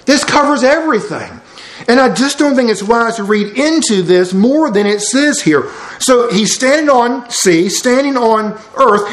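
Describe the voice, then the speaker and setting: A man preaching a sermon, folksy and emphatic, with lots of rhetorical questions. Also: high-pitched. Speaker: pastor. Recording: roomy church hall sound.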